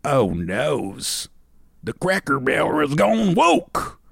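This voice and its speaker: A man putting on a put-on Southern US accent as a gloomy man lamenting the end times, drawling slowly. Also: fairly high pitch, wildly swooping pitch, creaky, fairly bright tone, husky, no room sound, studio quality, pitched above the performer's own voice, full character voice. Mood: mock-grave. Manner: slow, drawling, mock-grave.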